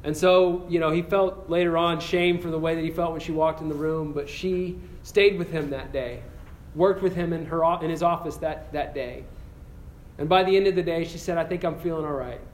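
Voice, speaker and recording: A man preaching to students in an earnest storytelling manner, his voice sitting a little high. He stumbles and restarts often, then slows into a hushed prayer. The room is echoey with a faint hum of ambience. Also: steady tone. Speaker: campus pastor. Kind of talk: sermon ending in prayer.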